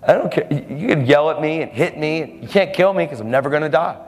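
A man's voice: fairly high pitch, animated, fast. Emphatic male preacher in a reverberant hall. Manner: bold, emphatic, laughing asides. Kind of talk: sermon. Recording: hall reverb with faint music.

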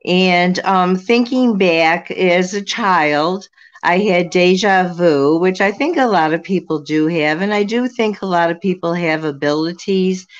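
A woman in her sixties speaks slowly and rambles a little, with many fillers and restarts. Her voice sits a little low. It comes through a dull lo-fi line. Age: 60s. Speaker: psychic medium guest. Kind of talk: casual interview answers.

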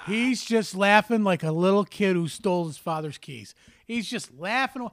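A man's voice: high voice, expressive, normal speed, no room sound, studio quality. Joking, crude-humored man in his fifties. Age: 50s. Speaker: podcast co-host. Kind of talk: casual chat.

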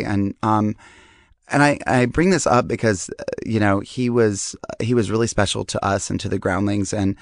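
A man with a low, hoarse voice that sounds roughed up and strained talks on his podcast. He rambles in a casual, chatty way and pokes fun at himself. The sound is dry and close, with no room echo. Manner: rambling, self-deprecating, chatty. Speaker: podcast host. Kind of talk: casual monologue.

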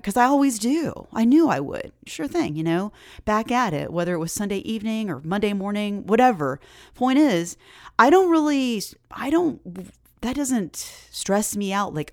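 A woman's voice: medium pitch, moderate pace, no echo, studio quality. A woman hosting a fitness podcast, talking casually and encouragingly with lots of fillers. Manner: chatty, animated, encouraging, many fillers. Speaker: podcast host. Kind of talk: casual solo podcast talk.

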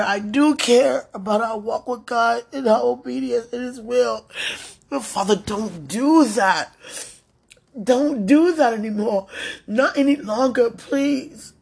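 A woman with a fairly high, husky, breathy voice speaks a prayer out loud. She talks slowly, pleading and tender, and circles back over the same phrases again and again. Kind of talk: emotional spoken prayer.

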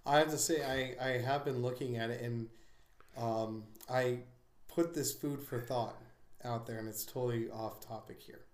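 A man of middle pitch hosts a casual conversation, rambling and digressing with frequent restarts. His voice carries a noticeable room echo. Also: fairly even intonation, moderate pace. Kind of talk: casual discussion. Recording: echoey room.

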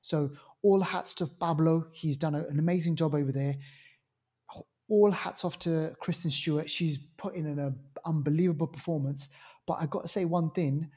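A man's voice: on the high side, steady tone, normal speed, dark tone, breathy edge. A man co-hosting a film review podcast, talking casually and enthusiastically with many fillers. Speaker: podcast co-host reviewing films. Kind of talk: casual chat.

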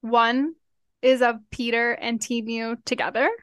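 A woman's voice: fairly high pitch, little pitch movement, measured pace, fairly bright tone, clean tone, dry recording. A woman chatting casually about a book, reacting and adding her own takes. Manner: chatty, reacts with laughs and comments. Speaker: book discussion co-host. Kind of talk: casual chat.

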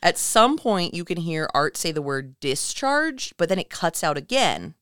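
Brief: woman podcast host, lowish smooth voice, dry close sound, lively storyteller. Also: measured pace, dry recording. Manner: animated retelling, acts out quotes. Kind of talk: casual storytelling chat.

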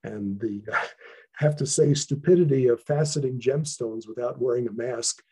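Man, gravelly, husky, earnest measured storytelling, interview guest. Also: mid-range voice, a little mellow. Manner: earnest, measured, with frequent restarts and fillers. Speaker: guest, traditional healer.

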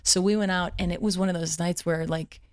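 A woman guest comedian telling a story in casual conversation, lively, acting out other people's quoted lines amid fillers and false starts. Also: lowish voice, no room sound, clean studio sound. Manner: lively, acts out what others said in quick quoted voices.

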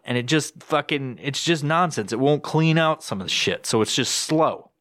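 A young man rants into his home podcast microphone, swearing nearly every sentence and doubling back mid-thought. His voice sits at an ordinary middle pitch for a man, jumping high when he acts out his own frustration. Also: a little fast, few pauses, no room sound, studio quality. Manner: profane, rambling, swears constantly; jumps into high excited voice when quoting himself. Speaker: podcast host. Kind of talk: casual solo podcast rant. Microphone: podcast microphone with headphones.

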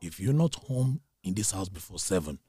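A man doing a stern, low-voiced mother. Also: big pitch swings, normal speed, mellow, a little hiss or hum. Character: stern mother, strict and threatening.

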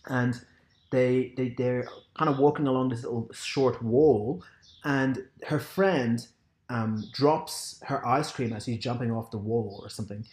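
A man's voice: medium pitch, measured pace, a little mellow. A man chatting casually on a podcast, rambling with lots of fillers and laughing asides as he recaps a show. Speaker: podcast co-host. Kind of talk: casual chat recapping a TV drama. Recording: roomy echo.

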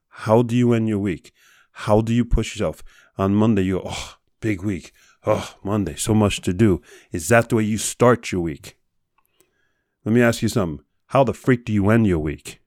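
A low-voiced man hosts a podcast and gives a blunt, profane motivational talk. He fires off one rhetorical question after another in a dark, mellow tone. The recording is dry and close. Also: dry recording. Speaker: podcast host. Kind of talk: motivational monologue.

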